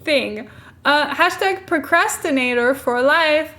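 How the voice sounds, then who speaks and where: Young woman, streamer, high-pitched, giggly, self-mocking, casual chat. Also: slow pace, pushed and bright. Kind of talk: casual live-stream commentary.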